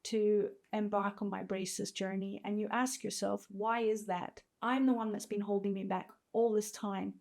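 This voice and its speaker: A woman's voice: medium pitch, vocal fry, a little mellow. A woman in her fifties speaking candidly and from the heart in a personal video diary. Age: 50s. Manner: candid and heartfelt, openly emotional. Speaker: vlogger.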